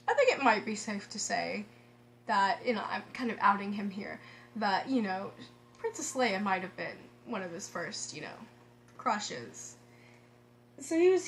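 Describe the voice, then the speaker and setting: A woman vlogger telling a story in a casual, excitable way, laughing often and restarting her sentences. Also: sits high, slight background noise.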